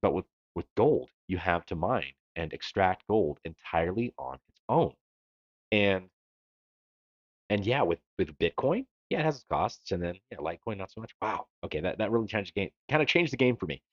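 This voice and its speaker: Animated low-voiced man on a livestream. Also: moderate pace, no echo, dull audio. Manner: animated, joking, reads viewer comments aloud. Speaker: livestream co-host. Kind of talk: casual live chat.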